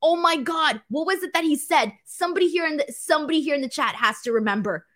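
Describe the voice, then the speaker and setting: A woman's voice: high-pitched, lively intonation, fast, fairly bright tone. A woman from California with a Valley girl accent, hosting a wrestling show in a casual, self-mocking livestream chat with her viewers.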